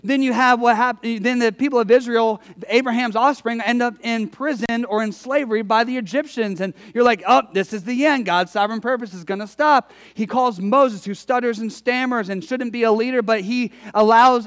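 A man's voice: very high voice, fairly even intonation, normal speed, few pauses, long reverb tail. A male pastor preaching a conversational sermon, telling stories with emphatic delivery.

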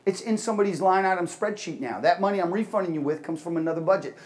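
A man giving an energetic fundraising talk at a church service, swinging between loud bursts and hushed moments. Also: sits high. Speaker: charity speaker at a church.

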